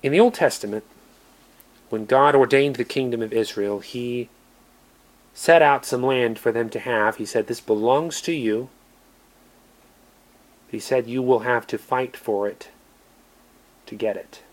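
An American man preaching a sermon, earnest, moving between emphatic lines and quiet ones. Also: medium pitch, unhurried, pauses often. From United States.

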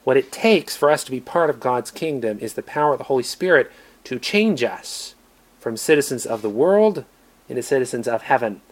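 An American man preaching a sermon, earnest, moving between emphatic lines and quiet ones. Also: medium pitch, lively intonation, moderate pace. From United States.

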